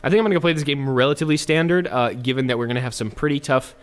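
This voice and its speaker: A man's voice: medium pitch, rapid-fire. A man giving casual, chatty gameplay commentary as a let's play host, with jokes and self-mocking asides.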